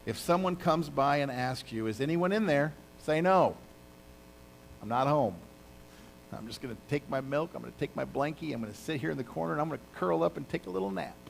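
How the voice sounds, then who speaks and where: A man's voice: on the high side, expressive, fairly quick, creaky, slight background noise. An exhausted commander on the run, whining for water and sinking into rest, as a man voices him in a sermon. His voice sounds drained and childishly relieved. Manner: weary, whiny, relieved. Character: exhausted fleeing male army commander.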